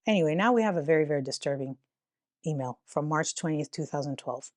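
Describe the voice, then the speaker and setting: A woman's voice: sits low, expressive, fast talker, a little mellow, no echo, clean studio sound. A woman giving casual commentary as a YouTuber, full of sarcastic, incredulous asides.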